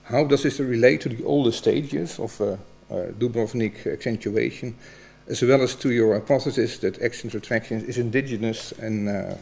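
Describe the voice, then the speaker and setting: Gravelly male examiner. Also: mid-range voice, darkish tone. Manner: halting, hesitant, many fillers. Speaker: examiner at a doctoral defense. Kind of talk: formal academic questioning.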